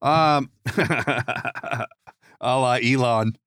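A man's voice: medium pitch, extremely slow, a bit bright, clean tone, no echo, clean studio sound. A man hosting a podcast, chatting casually and cutting in with jokes. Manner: joking interjections. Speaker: podcast host. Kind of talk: casual chat.

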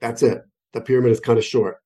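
A fast-talking American man with a mellow, husky, medium-pitched voice and fairly even intonation appears as a wine expert guest on a phone call. His conversational interview explanation is enthusiastic, digressive, and rich in examples.

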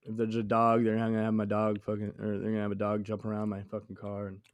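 A man's voice: on the low side, completely flat delivery, quick pace, dry recording. A man chatting casually, laid-back and rambling, often trailing into filler words. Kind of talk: casual conversation.

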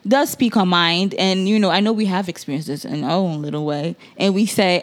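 A young woman co-hosting a casual chat, animated and acting out other people's lines in mocking voices. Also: fairly low pitch, a little fast, few pauses. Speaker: podcast co-host.

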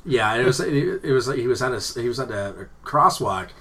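A man's voice: mid-range voice, a little fast, fairly bright tone. A man in casual chat, telling rambling, profane stories with frequent laughter.

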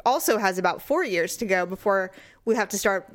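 A woman's voice: medium pitch, lively intonation, fairly quick. A woman co-hosting a casual chat, telling stories animatedly and acting out quotes in exaggerated voices. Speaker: podcast co-host.

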